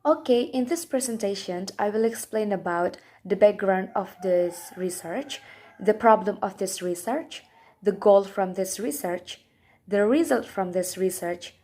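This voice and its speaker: A woman's voice: mid-range voice, darkish tone. A young woman, a student whose first language is Indonesian, reading her class presentation aloud from a script in a careful way.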